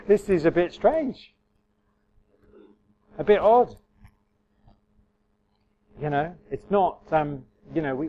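Male preacher, medium pitch, casual talky sermon, wry and self-correcting. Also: darkish tone, low-quality recording. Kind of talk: informal sermon with audience interaction.

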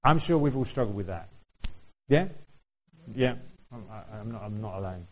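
A man's voice: fairly low pitch, lively intonation, moderate pace, low-quality recording. A man preaching a sermon in a conversational way, putting questions to the congregation and laughing now and then.

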